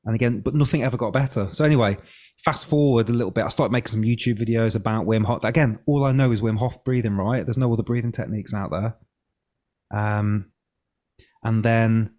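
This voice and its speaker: A man's voice: lowish voice, fairly quick, darkish tone. Candid man telling his story. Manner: candid, swears, acts out his own past thoughts. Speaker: breath coach, podcast guest. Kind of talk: casual interview storytelling.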